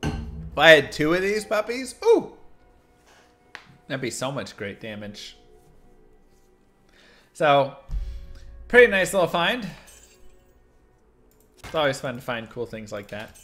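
A man's voice: a little high, sing-song, slow, pauses often, fairly bright tone, soft background music. A man casually commenting on his gameplay during a live stream, chatty and rambling with frequent laughs. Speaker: game streamer.

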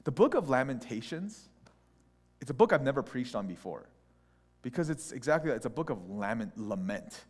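A man preaching a conversational sermon as a pastor, telling stories in an animated, opinionated way. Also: mid-range voice, fairly quick, long pauses, husky. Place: church sanctuary. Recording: long church hall reverb.

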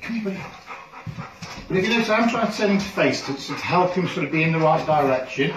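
A man working as a dog trainer, calmly explaining a training session with frequent ums. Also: a little high, fast talker, far from the mic, background noise. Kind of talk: instructional training video. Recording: roomy sound, speaker off from the mic.

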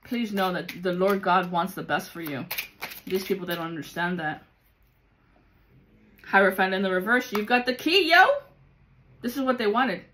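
A woman's voice: mid-range voice, moderate pace, pauses often, a bit bright, slight background noise. A woman giving a casual tarot reading to viewers, emphatic and blunt, swearing often and calling the listener baby. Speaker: tarot reader.

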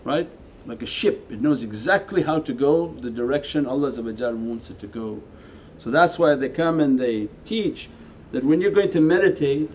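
Soft-toned male Sufi teacher, conversational. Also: medium pitch, a little hiss or hum. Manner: conversational, shifting between quiet asides and emphatic lines. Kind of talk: spiritual lecture and Q&A answer. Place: meditation center hall.

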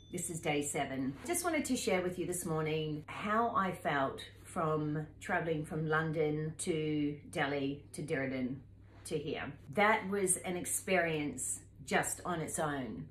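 Animated fifty-something woman telling a travel story. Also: low voice. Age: 50s. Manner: animated, laughing, acts out voices in her stories. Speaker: travel vlogger. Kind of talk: casual storytelling to camera. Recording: echoey room with faint ambient noise.

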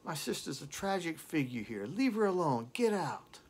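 A man voicing a furious young woman who screams at her sister's lover, in a shrill, shouting voice. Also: big pitch swings, normal speed, gravelly, breathy edge, exaggerated voice.

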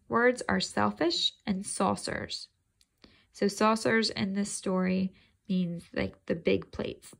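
Gravelly woman reading to kids. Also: mid-range voice. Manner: casual, thinks aloud and quizzes listeners. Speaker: reader of a children's book. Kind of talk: reading a chapter book aloud to children.

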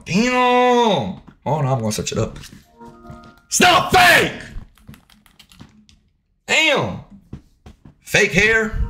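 A man's voice: fairly high pitch, fairly bright tone. A young man, streaming a basketball game live, trash-talking and cursing at chat and other players. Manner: profane, trash-talking, riled up. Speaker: gaming streamer.

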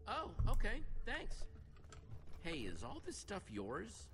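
An actress voicing an eager young game hero who swings from flat remarks to excitement. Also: female voice, mid-range voice, slow, background noise, full character voice.

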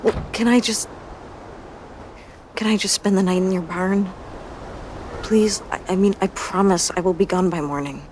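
A tired young woman drifter from a video game, voiced by an actress, worn down but defiant. Her pitch sits in an ordinary middle range. A faint hum runs behind the game audio. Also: fairly even intonation, moderate pace, long pauses, a little mellow, close to an everyday voice. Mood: pleading. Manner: weary, pleading.

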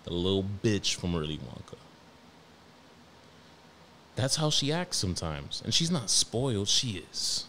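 A young man with a New York accent, hosting a podcast and telling stories about his toddler in a profane, animated, slangy way. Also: low voice, unhurried, pauses often, slight background noise. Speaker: podcast host. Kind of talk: casual storytelling monologue.

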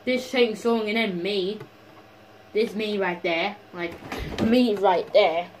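A gamer giving casual, excitable commentary while playing a fighting game, often yelling and swearing at it. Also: mid-range voice, slow. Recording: background noise.

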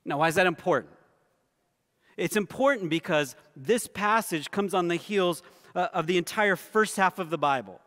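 A male pastor delivers an earnest sermon with a fairly high voice. He slows and sinks to a hushed low tone on the words he wants to stress. The sound rings with the long reverb of a church hall. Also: animated. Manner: earnest preaching, drops low and soft for emphasis. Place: church sanctuary.

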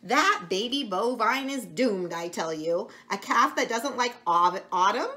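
A woman's voice: a little high, lively intonation, unhurried, sharp tone. A woman voicing a gloomy, know-it-all old male goat in a children's storybook, speaking emphatically.

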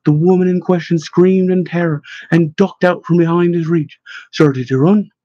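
A man narrating an audiobook in a steady storytelling voice. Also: fairly high pitch, normal speed, no echo, dull audio.

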